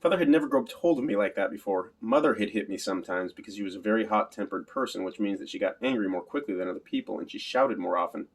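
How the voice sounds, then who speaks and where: A man's voice: lowish voice, lively intonation, fast talker, few pauses. A man narrating an audiobook in the first person in a literal, matter-of-fact way.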